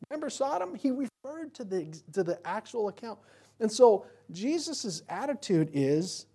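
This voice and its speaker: Emphatic, animated male pastor preaching. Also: high-pitched, moderate pace, husky. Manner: emphatic preaching with rhetorical questions; animated, swinging from loud to quiet. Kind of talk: sermon.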